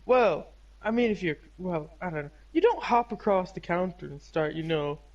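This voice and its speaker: A man's voice: high-pitched, expressive, normal speed, dull audio. A man co-hosting a podcast in a casual chat, rambling and joking, often trailing off mid-thought. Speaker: podcast co-host.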